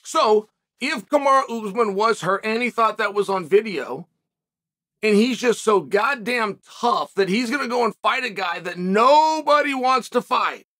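Male host, commentary monologue, sharp bright tone, emphatic and sarcastic. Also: extremely high pitch. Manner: emphatic, argumentative, sarcastic asides.

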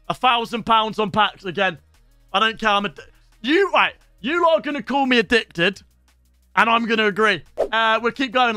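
Young male streamer, high bright voice, excitable sweary banter. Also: no echo. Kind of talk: casual live-stream pack-opening commentary. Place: home streaming setup.

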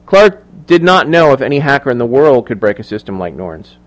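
A man narrating a thriller audiobook in measured, even storytelling. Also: medium pitch. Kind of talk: scripted narration.

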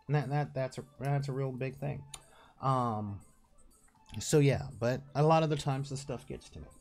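Speaking straight to camera on his own channel, a nasal-voiced man from Southern California rambles casually, laughing and restarting. His voice is mid-range with a darkish tone and a normal speed.

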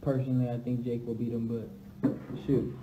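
A young man chatting casually on a phone livestream alone in an empty house, shifting between low, subdued talk and loud, hyped trash talk. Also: flat delivery, brisk, phone-quality sound, very noisy. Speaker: livestream host answering fans. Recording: echoey room.

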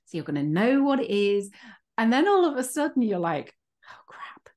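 A woman's voice: on the high side, sing-song, brisk, a little mellow. Frank middle-aged woman hosting a chat. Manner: frank, open, laughs easily. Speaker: podcast host, coach. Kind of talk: casual interview chat.

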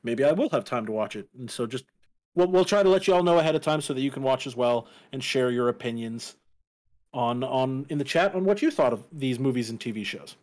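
A man's voice: mid-range voice, lively intonation, fairly quick, darkish tone. Young male co-host, easygoing and chatty, plain mid-range voice. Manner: easygoing, plugs his channels, laughs often. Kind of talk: casual live-stream chat.

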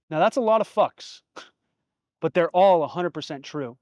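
Expressive and unhurried, a man in his thirties reflects on his own podcast in a fairly high voice. His storytelling is earnest and heartfelt, with casual swear words dropped in, and the audio is close and dry, free of room echo.

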